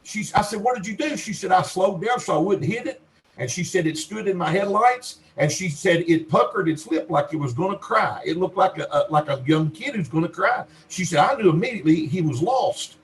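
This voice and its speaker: A man's voice: high voice, animated, fairly quick, rough recording. A middle-aged man with a Western Kentucky accent, a researcher telling folksy, rambling stories on a podcast and acting out the people he quotes. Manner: folksy rambling storyteller, acts out quoted dialogue. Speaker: Bigfoot researcher guest. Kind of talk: podcast interview storytelling.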